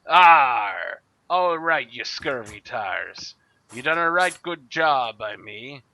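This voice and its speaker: A man doing a booming pirate captain. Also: expressive, takes it slowly, bright, forceful tone, heavily acted. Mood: commanding. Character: loud brutal male pirate captain. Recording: muffled lo-fi recording.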